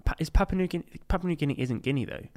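A man's voice: fairly high pitch, expressive, racing, mellow. A man answering football quiz questions, chatty and teasing. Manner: chatty, teasing, laughs a lot. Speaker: quiz contestant. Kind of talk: casual football quiz chat.

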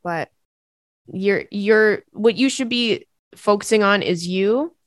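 A woman's voice: medium pitch, slow, no echo, clean studio sound. A young woman hosting a podcast, giving candid advice in a chatty, casual way with frequent swearing and asides. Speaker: podcast host.

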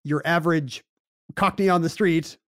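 This podcast co-host has a fairly high, fairly bright voice with fairly even intonation and a normal pace. The recording is dry and studio-clean. He chats casually and goes on at length, stumbling through frequent "you know" fillers and restarts.

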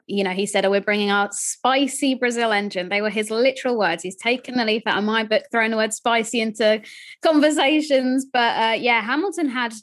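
A woman co-hosting a casual podcast chat, bubbly and quick to laugh. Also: on the high side. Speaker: podcast co-host.

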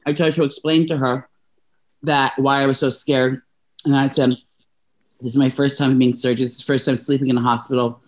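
A man's voice: medium pitch, flat delivery, a little fast. A young man in casual chat, telling a personal story in a rambling, emotional way with many restarts. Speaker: podcast co-host telling a story.

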